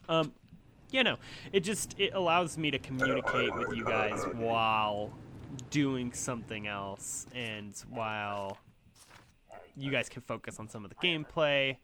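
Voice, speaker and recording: A man's voice: medium pitch, measured pace, noisy background. A man hosting a gaming channel, chatting casually over gameplay in a rambling, self-deprecating way full of ums and likes.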